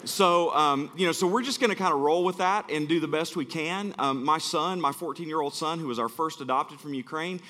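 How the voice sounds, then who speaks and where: A man's voice: on the high side, brisk, hardly any pauses, bright, forceful tone, long reverb tail. A middle-aged man from Alabama, preaching as a guest speaker and telling self-deprecating stories in a chatty, joking way. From Alabama, USA. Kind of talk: sermon. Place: church sanctuary.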